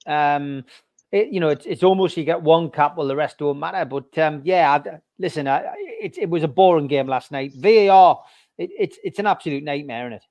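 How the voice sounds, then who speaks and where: Male podcast host, slightly higher voice, hesitant delivery, casual football chat. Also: animated, normal speed, a little mellow. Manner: hesitant, with stammered restarts before making his points.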